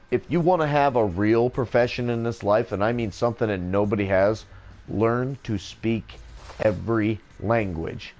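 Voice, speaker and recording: A man's voice: on the low side, a little mellow. A man in a rambling, joking casual monologue, swearing freely as he goes.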